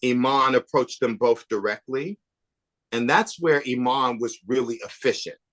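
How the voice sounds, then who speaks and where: A man being interviewed on a podcast, telling behind-the-scenes stories in an animated, gossipy way, swinging between emphatic bursts and hushed asides. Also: medium pitch, a little slow. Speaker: podcast guest, author and documentary maker. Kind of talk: casual interview chat.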